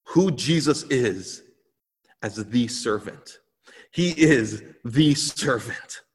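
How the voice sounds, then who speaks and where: A male pastor giving an earnest, emphatic sermon in a church sanctuary. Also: medium pitch. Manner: earnest, emphatic preaching with repeated phrases. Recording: long hall reverb.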